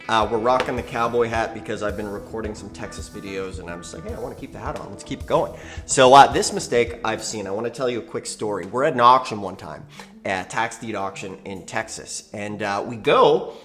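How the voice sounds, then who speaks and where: A man hosting his own channel, teaching investing to camera in an animated, folksy storytelling way. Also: mid-range voice. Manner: animated, folksy, acts out quoted dialogue. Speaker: channel host, real estate investing educator.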